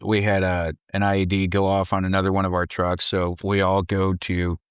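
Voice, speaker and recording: In a smooth voice at moderate speed, a Marine veteran on a podcast shares war stories in casual, profane conversation. He animates quotes by shouting them in a high voice. The audio is dry and dull.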